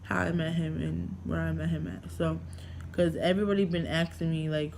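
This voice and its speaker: A woman's voice: lowish voice, normal speed, vocal fry, a little mellow, a little hiss or hum. Rambling young woman telling a story. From New York. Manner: rambling, heavy filler words, swearing. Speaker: vlogger. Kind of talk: casual storytime vlog.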